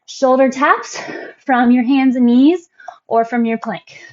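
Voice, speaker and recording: A woman fitness instructor calmly cueing moves and counting reps through a workout class. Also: high voice, takes it slowly, muffled recording. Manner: calm, encouraging cues and counting reps.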